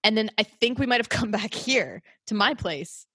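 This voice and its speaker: A woman's voice: mid-range voice, animated, moderate pace, fairly bright tone, breathy edge, no room sound. Chatty young woman telling rambling stories. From Canada. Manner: rambling storyteller, lots of fillers and restarts. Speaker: podcast host. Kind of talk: casual chat.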